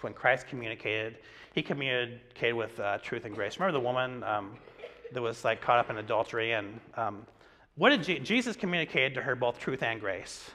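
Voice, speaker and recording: A man's voice: mid-range voice, sharp tone. A young adult man preaching a sermon as pastor, talking in a loose, conversational storytelling way with many fillers.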